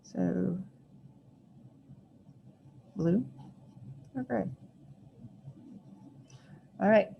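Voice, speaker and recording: A woman's voice: mid-range voice, extremely slow, vocal fry, long pauses. A woman teaching a recorded math lesson, chatty and self-deprecating, thinking aloud as she draws. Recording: muffled lo-fi recording, faint hiss.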